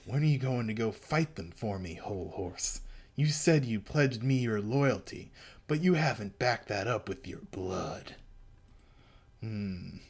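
A man voicing a cold, domineering vampire lord in a low, quiet, slow and menacing tone. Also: animated, breathy edge, exaggerated voice.

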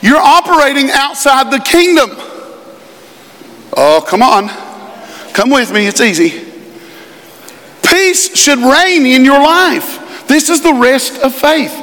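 A middle-aged male pastor preaching a sermon in a church, animated and shouting at times. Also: extremely high pitch, slow, long pauses. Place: church sanctuary. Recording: live church recording with hall reverb.

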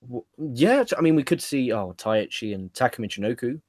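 A man's voice: medium pitch, lively intonation, moderate pace, a little mellow, no room sound, studio quality. A man hosting a casual wrestling chat, who swears freely and laughs at his own jokes. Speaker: podcast host.

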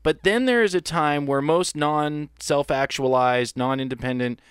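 A podcast co-host with a smooth, slightly high voice rambles earnestly in casual podcast chat at a normal speed. The recording is studio quality with no room sound.

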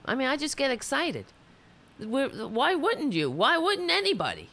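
A show host delivers a furious political rant, swearing freely and tripping over half-finished sentences. The voice is worn hoarse from all the shouting, and the host keeps getting excited again anyway. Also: high voice, moderate pace. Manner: angry, profane, excitable, stumbling restarts. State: hoarse, losing the voice.

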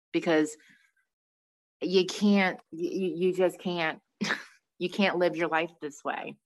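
Woman, low-pitched, emotional chatty podcast host. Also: slow, pauses often. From Long Island, New York. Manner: emotional, animated storytelling with many restarts. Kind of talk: casual podcast chat.

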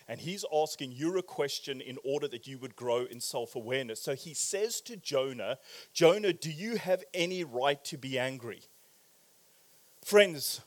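In church, a pastor preaches an animated sermon, swinging between loud exclamations and quiet, probing questions, at a medium pitch.

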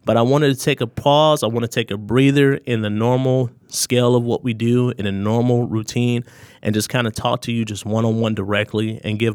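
A man's voice: medium pitch, no room sound, studio quality. A man hosting his own podcast, talking straight to listeners in an earnest, heartfelt, motivational way. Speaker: podcast host. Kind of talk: solo podcast thank-you message.

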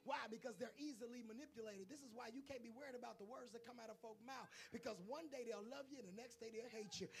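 High, gravelly preacher man shouting a sermon. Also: quick pace, few pauses. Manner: swings from quiet asides to shouted preaching, playful.

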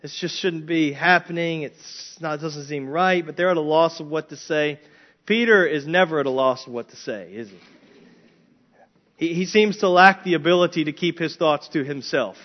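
Animated preacher man, lo-fi recording. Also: a little high, normal speed. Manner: animated, emphatic preaching with frequent restarts. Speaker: pastor. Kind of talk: expository sermon. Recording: dull lo-fi sermon recording.

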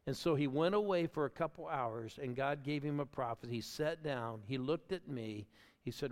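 A man's voice: medium pitch, animated, moderate pace. Exuberant older man preaching in a big hall. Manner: exuberant, calls on the crowd to applaud. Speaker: church planting pastor. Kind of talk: energetic sermon storytelling. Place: large church auditorium. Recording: long hall reverb.

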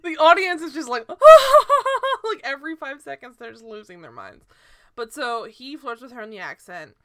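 A woman's voice: a little high, a little fast. A young woman co-hosting a podcast, chatting casually and animatedly about a sitcom, often laughing and going off on tangents. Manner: animated, laughing, rambling with digressions. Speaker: podcast co-host. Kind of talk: casual chat recapping a sitcom.

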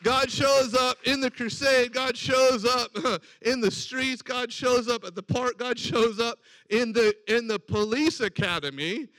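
A man's voice: extremely high pitch, unhurried, hardly any pauses, a bit bright, no echo. A man preaching a sermon, telling a personal story and acting out the voices in it. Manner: storytelling with acted-out quoted dialogue.

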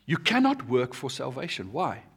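A man preaching an earnest sermon, rising and dropping in pitch and volume as he makes his points. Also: huge pitch swings, moderate pace, fairly bright tone, slightly rough. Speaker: pastor.

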